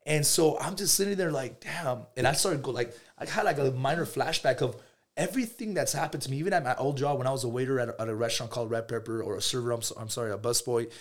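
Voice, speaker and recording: Fast-talking man telling a story. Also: medium pitch. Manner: animated and slangy, calls listeners bro. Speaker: podcast guest, entrepreneur. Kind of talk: casual storytelling in a podcast interview.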